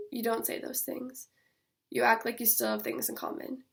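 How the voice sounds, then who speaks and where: A young woman reads her own fiction aloud in a measured, steady way. Her voice is fairly high with a gravelly fry. The delivery stays flat, with little rise and fall. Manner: measured, steady first-person reading. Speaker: author.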